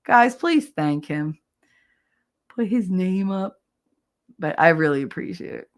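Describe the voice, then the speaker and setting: Chatty Jersey woman streaming. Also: slow pace. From New Jersey. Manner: chatty, animated, laughs often, bursts into high yelling when acting out. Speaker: livestream host. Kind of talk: casual livestream chat.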